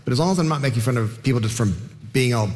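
Fast-talking man joking on a panel. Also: mid-range voice, a little mellow, big-room sound. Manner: quick and joking. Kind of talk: panel discussion.

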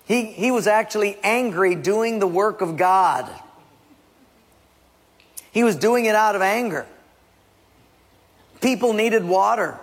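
A man preaching a sermon in an urgent, emphatic way, dropping to hushed asides and rising to loud exhortation. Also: sits high, expressive, takes it slowly, long pauses, slightly rough. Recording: long reverb from a large hall.

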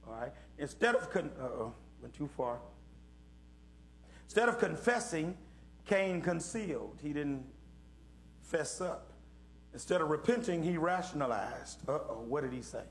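A man's voice: on the high side, expressive, measured pace, long pauses. A middle-aged man leading an interactive Bible lesson for young people, asking questions and calling on listeners in a folksy preaching manner. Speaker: Bible study teacher.

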